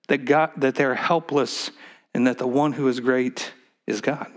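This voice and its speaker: A man, the pastor of his church, preaching a sermon in a halting way with many repeated words, now and then calling on the congregation to answer. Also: mid-range voice.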